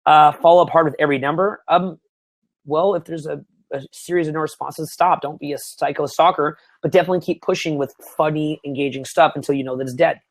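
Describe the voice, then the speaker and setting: Excitable profane man, dry close sound. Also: on the high side, fairly quick, no echo. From Canada. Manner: profane, excitable, shifts between mumbled asides and loud bursts. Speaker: dating coach. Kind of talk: webinar Q&A.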